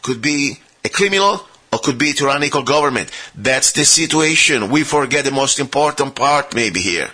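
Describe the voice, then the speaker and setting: Guy ranting on talk radio, bright husky voice, keeps asking listeners questions. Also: mid-range voice, animated, normal speed, hardly any pauses. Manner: argumentative, rhetorical, addresses listeners directly. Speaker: radio show host.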